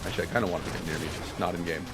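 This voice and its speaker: A young man giving rambling, excitable commentary while playing a video game, joking, swearing and laughing at himself. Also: low-pitched, racing. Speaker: let's play host. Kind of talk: casual gameplay commentary. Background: faint game music.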